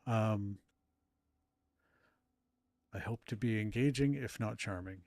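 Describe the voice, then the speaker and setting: A man's voice: on the low side, slow pace, gravelly, a little mellow, no room sound, studio quality. A middle-aged man chatting casually with his live-stream audience while playing, self-deprecating and rambling. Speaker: streamer and author.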